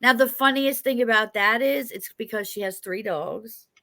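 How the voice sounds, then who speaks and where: A woman with a New York accent hosts a casual interview, chatty and joking as she rambles from one point to the next. Her voice sits a bit high and rings bright and forceful. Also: moderate pace. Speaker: interview host.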